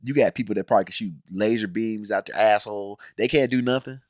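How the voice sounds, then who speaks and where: A man's voice: fairly low pitch, quick pace, no echo, clean studio sound. Exasperated man ranting in a review. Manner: animated, exasperated, slangy and blunt. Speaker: video reviewer.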